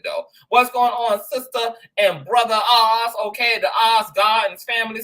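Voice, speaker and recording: Male livestream host; bright, forceful, high voice, chatty and playful. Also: poor audio. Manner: animated, shouting out viewers, slang-heavy. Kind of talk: casual livestream chat.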